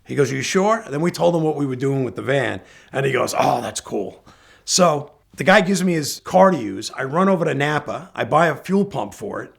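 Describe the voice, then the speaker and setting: A middle-aged man with a gravelly, husky voice tells a story in a loose, chatty way. He acts out what each person said, switching between his own lines and theirs. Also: medium pitch, expressive, a little fast. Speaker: guest storyteller. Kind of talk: casual anecdote telling.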